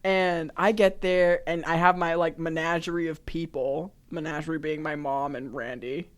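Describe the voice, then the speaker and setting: A woman's voice: deep voice, steady tone, moderate pace. A young woman co-hosting a podcast, telling a story in casual chat with lots of fillers and laughter. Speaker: podcast co-host.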